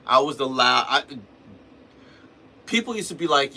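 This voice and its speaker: This man's slightly high voice is pushed and bright, with lively intonation, a moderate pace, and long pauses, as he hosts a livestream on drumming. His casual teaching rambles with restarts and repeated "man" and "you know," over slight background noise.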